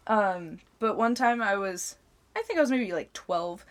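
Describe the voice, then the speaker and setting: A woman's voice: medium pitch, lively intonation, unhurried. A young woman co-hosting a podcast, telling stories in a loose, rambling way full of "like.". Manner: rambling storyteller, heavy on filler "like". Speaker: podcast co-host. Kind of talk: casual podcast chat.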